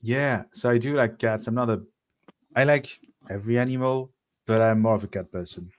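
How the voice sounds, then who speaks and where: A man from France with a French accent, co-hosting a livestream in casual, relaxed chat with frequent hesitations. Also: mid-range voice, moderate pace. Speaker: co-host.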